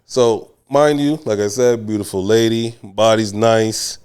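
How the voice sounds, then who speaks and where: A man's voice: on the low side, measured pace, clean tone. A young man co-hosting a podcast, telling a story casually with slang and frequent laughs. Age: young adult. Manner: animated, laughing often, slangy. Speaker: podcast co-host.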